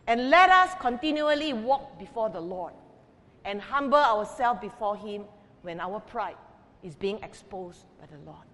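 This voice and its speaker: A woman pastor preaching an emphatic sermon, swinging between loud declarations and quiet asides. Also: fairly high pitch, long reverb tail. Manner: emphatic, with big swings in loudness.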